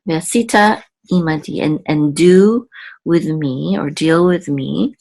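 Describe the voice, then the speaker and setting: Slow, low-voiced woman teaching Hebrew. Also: creaky, a little mellow. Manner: slow, patient, repeats words and checks in with "okay?". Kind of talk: word-by-word Hebrew reading lesson.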